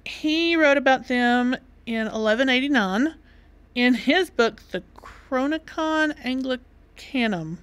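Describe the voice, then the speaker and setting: A woman's voice: high voice, animated, slow pace, smooth, no room sound. Chatty Southern woman, dry close sound. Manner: chatty, laughs often. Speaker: podcast co-host. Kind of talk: casual chat.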